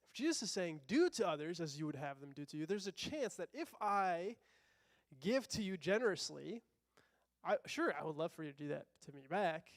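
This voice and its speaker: A man with a fairly high voice gives a casual, conversational sermon, throwing out rhetorical questions and acting out little quotes. The sound is dry and close, with almost no room echo. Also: big pitch swings, normal speed. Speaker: pastor.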